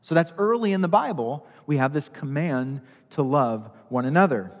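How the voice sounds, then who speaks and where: A man's voice: fairly high pitch, animated, normal speed. Man preaching in an echoing hall. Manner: repeats key phrases for emphasis. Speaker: pastor. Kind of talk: sermon.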